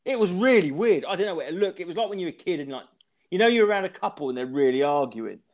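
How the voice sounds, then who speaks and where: A man in casual podcast chat, telling a story with crude, swearing rants. His voice sits a little high and swings a lot in pitch. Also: expressive, fast.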